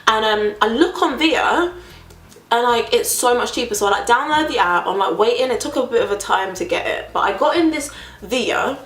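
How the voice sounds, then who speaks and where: A young British woman in her twenties telling a storytime vlog in a chatty, animated way, full of filler words. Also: on the high side, normal speed, faint music behind. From Britain. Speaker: vlogger. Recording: echoey room.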